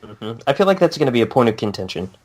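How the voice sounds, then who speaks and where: Young male guest, mid pitch, animated intonation, brief chiming-in comments. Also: quick pace. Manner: chimes in with short agreements and laughs. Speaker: podcast guest. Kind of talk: casual chat.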